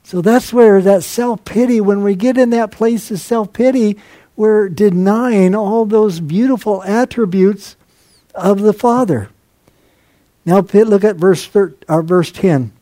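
A man's voice: high voice, a little slow, dark tone, dry recording. A man preaching a sermon, expounding a text and acting out quotations to drive his points home. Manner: expository preaching with dramatized quotes.

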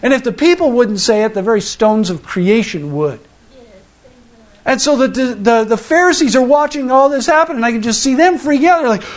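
A man with a notably high voice preaching a sermon. He tells the story in a relaxed, conversational way, stumbling over and restarting his sentences as he goes. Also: normal speed. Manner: conversational, acts out the people in the story; frequent restarts and fillers. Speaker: pastor.

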